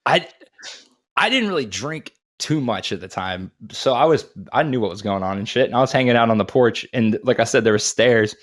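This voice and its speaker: A man's voice: mid-range voice, a bit bright. A man in his thirties, a podcast co-host telling casual, profane, rambling anecdotes. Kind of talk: casual storytelling chat.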